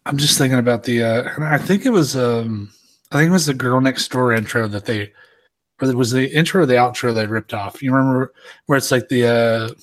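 Rambling man in relaxed podcast chat. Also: mid-range voice, a little fast. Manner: rambling, laughs at jokes, trails off mid-sentence. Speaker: podcast co-host. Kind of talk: casual chat.

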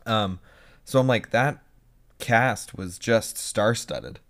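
A young man co-hosting a podcast, chatting casually and telling animated stories with quoted asides. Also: fairly low pitch, slow pace. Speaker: podcast co-host. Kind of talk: casual chat.

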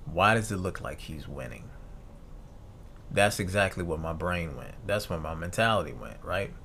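A man's voice: low voice, expressive, normal speed, sharp tone, a little hiss or hum. A man in his thirties hosting a solo podcast, reading notes aloud and musing casually, with fillers and restarts. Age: 30s. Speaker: podcast host.

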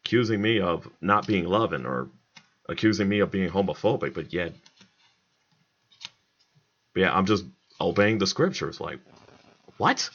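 A laid-back man talks with a very low, deep voice and likes to repeat his punchlines. The recording is dull and lo-fi, with the top end missing. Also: normal speed, long pauses, a bit bright, breathy edge. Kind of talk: casual religious chat.

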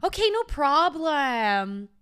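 A woman's voice: high voice, big pitch swings, slow pace, fairly bright tone, pitched above the performer's own voice, heavily acted. A woman voicing an overly chirpy, pushy female shop assistant in a comic story. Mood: bubbly. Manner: gushing, pushy, relentlessly upbeat.

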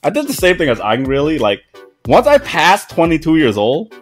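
A man's voice: fairly high pitch, wildly swooping pitch, moderate pace, faint music behind. A man in his twenties telling a story in a casual podcast chat, laughing often and swearing freely. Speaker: podcast host.

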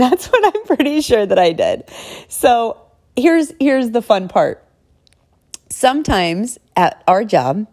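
A woman's voice: lowish voice, mellow. A woman hosting her own podcast, talking casually to listeners in a rambling way, with restarts and many asides to them. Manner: rambling and conversational, restarts, addresses listeners directly. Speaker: podcast host; store manager. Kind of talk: casual solo podcast talk.

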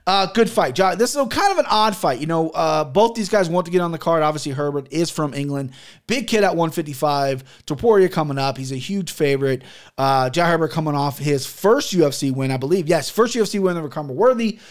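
A man's voice: a little high, expressive, brisk. A man hosting his own podcast, talking loosely and jokingly with frequent profanity, mixing stories, ad reads and betting picks. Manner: loose, profane, jokey storytelling. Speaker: podcast host and sports betting picker. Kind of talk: casual solo podcast chat.

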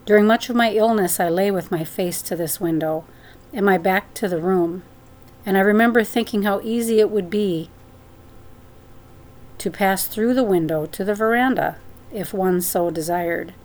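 Woman narrator, audiobook, earnest, devout, measured, mid-pitched. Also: a little mellow. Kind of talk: audiobook reading of a first-person memoir.

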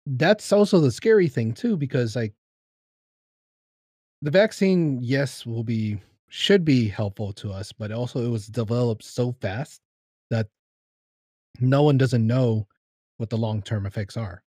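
A mid-pitched man from California talks in loose, casual chat, stumbling over his words and circling back to repeat his point. The sound is dry and close. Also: unhurried, pauses often, dark tone, slightly rough, no room sound. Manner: repetitive, restarts often, agreeing.

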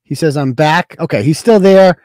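A man's voice: on the high side, moderate pace, a little mellow, no echo. A man hosting a livestream podcast, talking casually, blunt and profane, grilling a caller. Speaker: podcast host.

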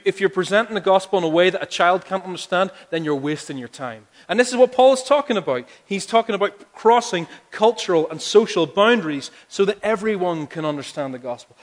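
A male pastor preaching a sermon, talking conversationally and building to emphatic appeals. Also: high-pitched. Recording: long hall reverb.

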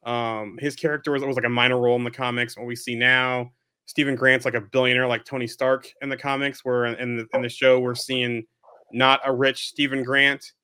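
A man chatting on a podcast, halting and hesitant with fillers. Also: mid-range voice, level tone, sharp tone, clear, resonant tone. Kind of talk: casual chat.

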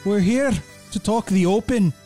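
A man's voice: high-pitched, normal speed, mellow, soft background music, natural voice. A man voicing a cheery male show announcer in a put-on Scottish accent, drawing out his words. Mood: welcoming.

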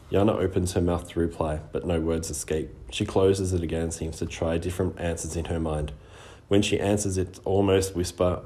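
Steady male audiobook narrator, deep and mellow. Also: a little fast. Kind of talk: scripted first-person narration.

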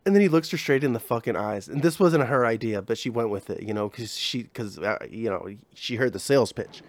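Speaking a little fast with few pauses, a young male podcast host with a medium-pitched voice rambles through casual comedy talk on a dry recording. Expect plenty of slang, cursing and filler.

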